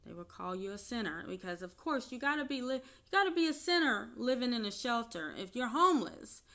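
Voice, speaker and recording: A woman's voice: on the high side, very animated, a little fast, bright, forceful tone. A woman telling a personal story in an unscripted vlog, chatty and laughing often between her sentences. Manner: chatty, with many fillers and restarts. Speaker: vlogger.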